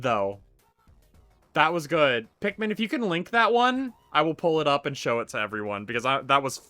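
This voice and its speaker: Bright-voiced male streamer, jokey. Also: a little high. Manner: jokey, excitable, trails off mid-sentence. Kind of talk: casual live-stream commentary.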